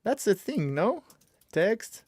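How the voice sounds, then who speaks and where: A man with a high, very animated voice and a darkish tone codes on a livestream at a slow pace. He talks casually, thinking aloud and muttering to himself as he works, with no echo in the recording.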